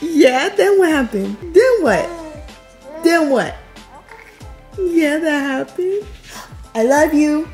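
Young mom laughing and baby-talking, slow easy pace, music in the background. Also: female voice, high-pitched, expressive. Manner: coos baby talk, laughs a lot. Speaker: vlogger, mother. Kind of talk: casual family vlog. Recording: music playing behind.

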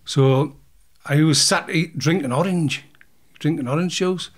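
A man with a voice on the high side speaks at a measured pace. Guesting on an interview, he tells his story bluntly and casually, swearing plenty and acting out the fight scenes.

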